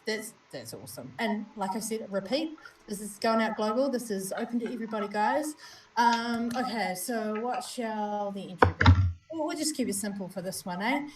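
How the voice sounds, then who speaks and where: A woman's voice: mid-range voice, recorded from a distance, slight background noise. A woman with a New Zealand accent co-hosting a live stream, chatting casually and greeting viewers by name. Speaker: livestream co-host. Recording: roomy, from off-mic, faint ambience.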